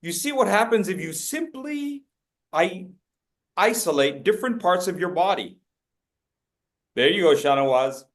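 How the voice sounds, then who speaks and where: A man with a high, slightly bright voice coaches participants by name in an interactive public speaking workshop held on a video call, using playful voices to act out gestures.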